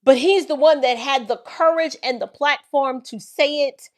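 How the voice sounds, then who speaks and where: A woman's voice: sits high, normal speed. A woman hosting an opinionated commentary vlog, speaking with sarcastic, mocking emphasis. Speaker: commentary host.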